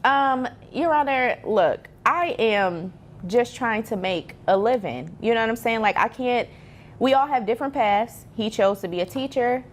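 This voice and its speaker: A woman plays a brash, mocking realtor mother, her fairly high voice swinging widely as she needles her ex. She sounds defiant and quick to bicker, with a faint rumble in the background. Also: animated. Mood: explaining. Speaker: mother, real estate agent. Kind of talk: improvised courtroom show acting.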